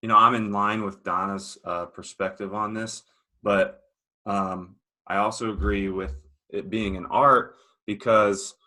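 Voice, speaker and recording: Participant: a man with a low voice and a forceful edge, reflective and personal in a group discussion. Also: steady tone, measured pace, rough recording. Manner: reflective, speaks from personal experience.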